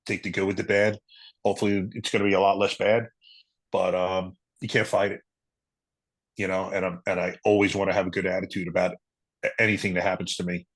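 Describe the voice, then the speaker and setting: A middle-aged man, a retired police officer, earnestly telling a personal story in an interview, halting and emotional at times. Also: sits low, flat delivery, no room sound, poor audio.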